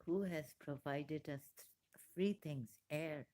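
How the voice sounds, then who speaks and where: A woman's voice: low voice, slow, mellow. A woman vlogging in a rambling personal monologue, hesitant and full of fillers and restarts, with emotional exclamations.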